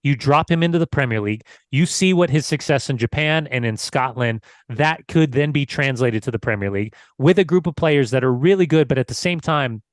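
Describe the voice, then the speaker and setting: A man's voice: medium pitch, a little fast, hardly any pauses, no room sound. A man co-hosting a casual football podcast, teasing and analytical, given to repeating his phrases. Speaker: podcast co-host.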